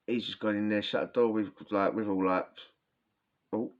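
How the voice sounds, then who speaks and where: A man's voice: on the low side, fairly even intonation, a little fast. A man telling prison stories in a rambling, slangy way, often restarting his sentences, with a sore throat. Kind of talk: casual storytelling. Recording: dull lo-fi sound.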